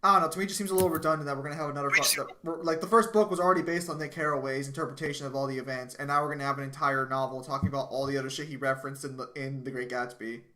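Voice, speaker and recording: A man's voice: medium pitch, racing, few pauses, noisy background. A male streamer chatting on a live stream. He swears freely and gets worked up over games and films, laughing as he goes. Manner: profane, excitable, laughs often. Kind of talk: casual live-stream chat.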